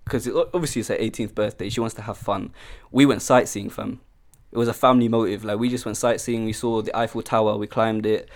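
A man's voice: lowish voice, fairly even intonation, fast talker. A young man, co-hosting a podcast and telling stories in casual slang-filled banter. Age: young adult. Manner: laughing, slangy storytelling with British street slang. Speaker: podcast co-host.

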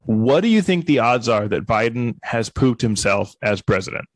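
A man co-hosting a comedy podcast, riffing on absurd hypotheticals and slipping into quick voices. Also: mid-range voice, animated, dry recording. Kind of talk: casual comedic banter.

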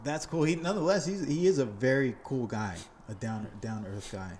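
A man's voice: medium pitch, normal speed, darkish tone, slight background noise. A man co-hosting a podcast, telling a story in an upbeat, casual way. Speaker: podcast co-host.

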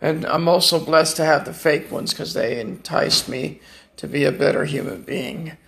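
Man, vlogger, high gravelly voice, rambling heartfelt chat with jokes. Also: moderate pace, a bit bright. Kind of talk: casual chat.

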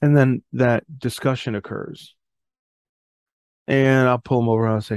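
With a steady, mid-range, slightly mellow voice and a clean tone, this middle-aged man hosts a podcast of reflective faith talk. He moves at a moderate pace, discussing fatherhood and faith in earnest, reading passages of scripture and self-correcting, all captured in a dry recording.

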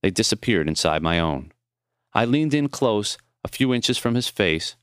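A man reading his own memoir as audiobook narration, measured and tender. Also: fairly low pitch, expressive, smooth, dry recording, clean studio sound.

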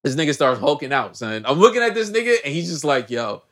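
A man's voice: a little high, fast. A man co-hosting a podcast, recapping a movie in casual slangy chat and acting out the characters' lines. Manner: animated slangy storytelling, acts out characters' lines. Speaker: podcast co-host.

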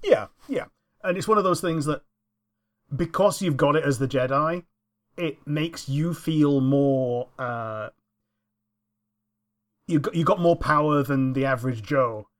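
Laughing man in a casual film chat. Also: a little high. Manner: laughs often, quick agreeing interjections.

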